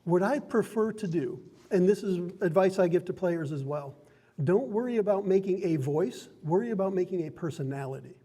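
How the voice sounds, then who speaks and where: A man's voice: high-pitched, animated, normal speed, warm tone, in a large hall. A man acting as game master, explaining how to play a tabletop role-playing game in an upbeat, chatty way that often breaks into laughter. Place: card and game shop.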